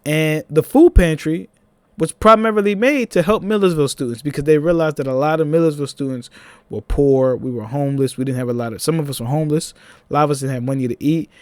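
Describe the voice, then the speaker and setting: A young man with a Philadelphia accent, telling a personal story in a casual, animated vlog, with laughing asides. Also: a little high, fast talker, no echo.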